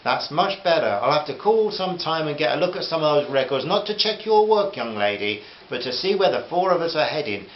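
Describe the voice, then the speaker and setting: A man's voice: a little high, lively intonation, a little fast, hardly any pauses, echoey room, muffled recording, a little hiss or hum, pitched above the performer's own voice, lightly acted. A man voicing a friendly, posh older male aristocrat who speaks genially and uses fond terms of address.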